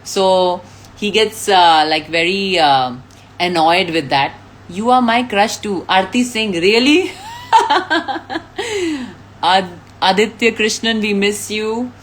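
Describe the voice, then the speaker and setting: A woman's voice: mid-range voice, unhurried. A woman, chatting casually on a live stream, reading out fan comments, thanking people and laughing often. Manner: reads out names, thanks fans, laughs often.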